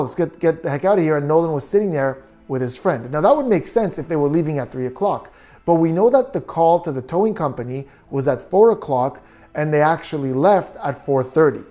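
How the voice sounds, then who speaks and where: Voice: medium pitch, mellow. A body language analyst giving true crime video commentary, reasoning through details and asking many questions.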